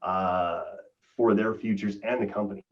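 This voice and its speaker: A man's voice: lowish voice, fairly even intonation, normal speed, a little hiss or hum. Earnest man on a muffled distant call. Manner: enthusiastic, earnest. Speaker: guest. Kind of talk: casual chat. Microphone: video call.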